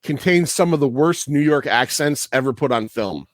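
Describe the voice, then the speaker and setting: A man's voice: medium pitch, animated, normal speed, no room sound, clean studio sound. A man hosting a podcast, talking casually and profanely, rambling through trivia and laughing often. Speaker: podcast host.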